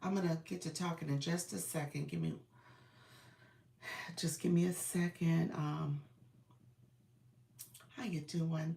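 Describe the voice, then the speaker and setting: A woman business coach hosting a casual livestream. She is under the weather and a bit raspy, and she greets viewers by name in an upbeat, encouraging way. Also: on the low side, a little slow, pauses often, reverberant, recorded from a distance, slight background noise.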